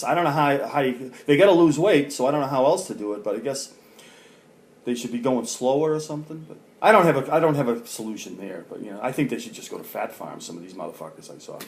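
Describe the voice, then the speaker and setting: A middle-aged man with a somewhat low voice rambles through a profane vlog rant, padding it with fillers. A faint noise sits under the recording. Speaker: vlogger. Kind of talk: ranting vlog monologue.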